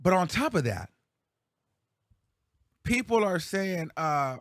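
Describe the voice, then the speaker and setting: A man's voice: high-pitched, sing-song, slow, fairly bright tone, no echo, studio quality. A man hosting a commentary show, talking casually in a chatty, slangy way.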